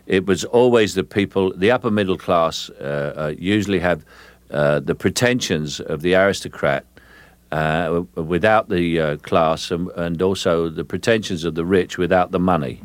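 Guest actor type, very low voice, close dry sound, talks in measured starts and restarts. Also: male voice, no room sound. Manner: measured, explanatory, with frequent restarts. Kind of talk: interview answers.

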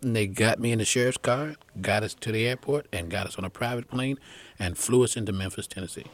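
A man recounts an old tour story in an interview, his voice fairly low and the sound close and dry. He rambles, restarts and jumps into the voices of the people he describes. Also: fast talker, no room sound. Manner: animated storyteller who acts out the people in his stories.

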